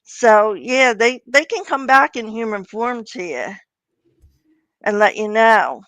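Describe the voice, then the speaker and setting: Older woman, fairly high voice, chatty storyteller, dry close sound. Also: expressive, slow, a bit bright, dry recording, low-quality recording. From Pennsylvania. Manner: chatty, acts out quoted voices. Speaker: guest author. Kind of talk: casual storytelling interview.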